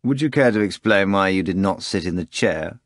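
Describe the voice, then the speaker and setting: A man voicing a stern, weary Roman procurator who questions quietly and commands. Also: low voice, animated, moderate pace, no echo, clean studio sound.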